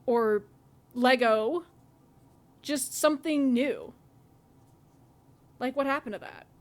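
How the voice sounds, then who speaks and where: A woman's voice: sits high, slow pace. A woman co-hosting a podcast in casual chat, sarcastic and full of "like" fillers. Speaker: podcast co-host.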